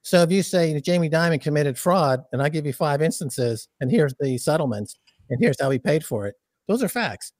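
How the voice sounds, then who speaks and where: Brief: male guest, high voice, dry close sound, fiery and profane, loves a good rant. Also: moderate pace, no room sound. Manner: animated, profane, ranting delivery. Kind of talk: casual podcast chat.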